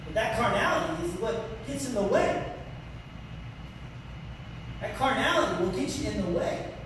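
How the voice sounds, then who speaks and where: A man's voice: high voice, big pitch swings, moderate pace, background noise. A man preaching a sermon as a pastor in a church, talking conversationally with frequent "you know" asides. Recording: echoey hall, distant mic.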